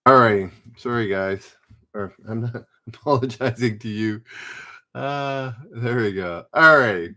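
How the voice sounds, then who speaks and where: A man's voice: medium pitch, bright, forceful tone. A man hosting a live-streamed pub quiz, reading questions aloud and chatting as he calls out players' names. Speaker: trivia quiz host.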